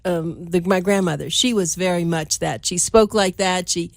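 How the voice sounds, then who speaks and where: A woman's voice: on the low side, moderate pace, gravelly, no room sound, studio quality. Chatty woman hosting an interview. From Miami Beach, Florida. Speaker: host. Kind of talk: casual interview talk.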